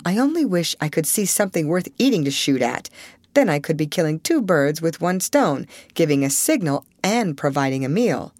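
A serious young man weighs the party's options in a measured, earnest voice, as a woman reads him in an audiobook. The delivery is lively and the recording is dry and close. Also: low-pitched, dry recording. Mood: grave.

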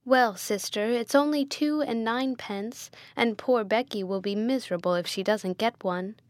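A woman's voice: fairly high pitch, moderate pace, dry recording, lightly acted. A woman voicing a timid, nervous elderly spinster who speaks hesitantly and pleadingly. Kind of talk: audiobook character voice.

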